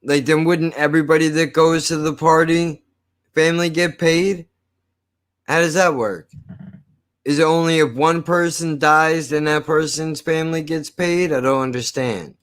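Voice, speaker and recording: A man's voice: fairly high pitch, steady tone, normal speed, fairly bright tone. A man hosting his channel, reacting to an old film with blunt, sarcastic, profanity-filled commentary. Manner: blunt, sarcastic and full of swearing.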